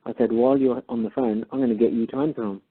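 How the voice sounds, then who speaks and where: Husky man on a phone line. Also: medium pitch, fairly even intonation, quick pace. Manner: retells a phone call, acting out both sides. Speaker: caller. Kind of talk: casual storytelling.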